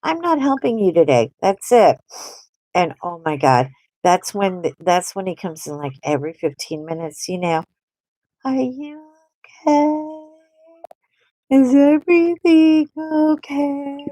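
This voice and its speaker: A woman's voice: fairly low pitch, animated, normal speed, a little mellow, no echo, low-quality recording. A middle-aged woman hosting a casual coloring stream, rambling and chatting with frequent laughter. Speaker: host. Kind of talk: casual chat while coloring live.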